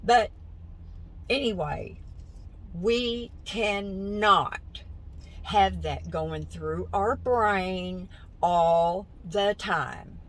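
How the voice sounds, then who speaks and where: A woman's voice: mid-range voice, extremely slow, poor audio. An older woman, chatting casually to her viewers in a folksy, encouraging way. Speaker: vlogger. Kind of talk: casual chat to camera.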